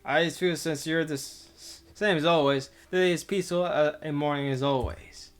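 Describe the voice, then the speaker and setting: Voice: medium pitch, steady tone, moderate pace, clean tone. A streamer reading a visual novel aloud in a casual, giggly way, stumbling and restarting over words between bits of chat. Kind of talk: casual visual novel read-through with commentary.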